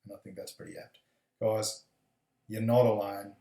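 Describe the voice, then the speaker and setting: An Australian airline pilot giving a casual, rambling, friendly video message full of fillers. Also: male voice, lowish voice, little pitch movement, normal speed, dark tone, far from the mic. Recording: echoey room.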